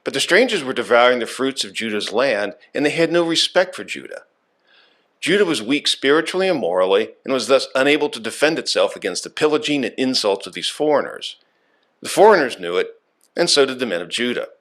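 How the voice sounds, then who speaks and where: A man of middle pitch reads a prepared radio lecture. His delivery is measured and deliberate, with a lively, rising and falling intonation. He punches the key phrases for emphasis. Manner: measured, emphatic reading with stressed key words.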